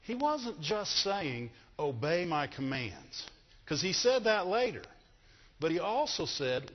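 A middle-aged man preaching a sermon to a congregation, animated and asking them questions. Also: high voice, a little slow. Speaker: pastor. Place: church hall. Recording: dull sound with long hall reverb.

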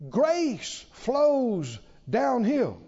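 A man preaching a sermon in an animated, storytelling way, often chuckling. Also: very high-pitched, very slow, vocal fry, breathy edge, in a large hall, highs cut off.

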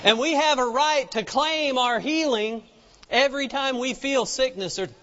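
A man's voice: very high-pitched, unhurried, a bit bright. A man preaching a sermon in a folksy storytelling way, acting out the people in the story as he goes. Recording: dull lo-fi sound with long reverb.

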